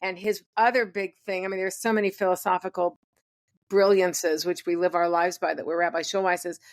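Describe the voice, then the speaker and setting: An older woman as an interview guest, talking in a thoughtful, earnest way and often pausing to search for her words. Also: lowish voice, fairly even intonation. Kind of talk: reflective interview conversation.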